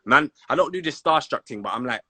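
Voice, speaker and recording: A young man with a London accent, a former footballer telling stories in a casual sit-down interview, animated and full of street slang. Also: medium pitch, brisk, husky, dry recording.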